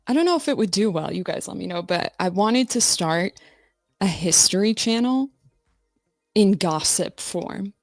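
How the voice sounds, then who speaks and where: A woman's voice: mid-range voice, animated, moderate pace, no room sound, faint music behind. A woman hosting a casual livestream, chatting loosely with viewers while she fiddles with her audio settings. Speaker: livestream host.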